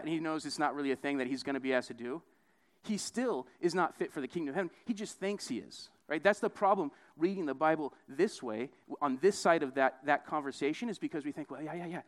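A young man giving a conversational sermon, often tagging on "right?" and acting out quoted voices. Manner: casual, repeats "right?" often; acts out quoted voices with big pitch jumps. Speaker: preacher.

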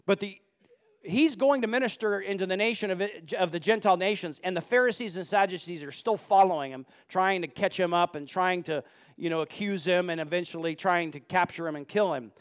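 Man, Bible teacher, fairly high voice, reads scripture, repeats words when explaining. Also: brisk. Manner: stumbles and repeats words when speaking off the cuff.

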